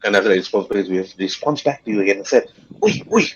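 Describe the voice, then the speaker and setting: A man narrating as game master of a tabletop game over voice chat, lively, with a husky voice. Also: very fast, dull audio, slight background noise. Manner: lively, jumps into high squeaky voices for creatures.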